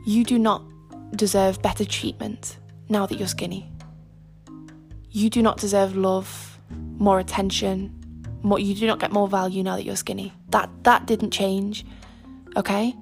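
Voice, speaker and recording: Chatty young woman with a creaky voice. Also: medium pitch, little pitch movement, measured pace, faint music behind. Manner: chatty, rambling, frank, with frequent fillers and asides. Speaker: podcast host. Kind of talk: casual chat.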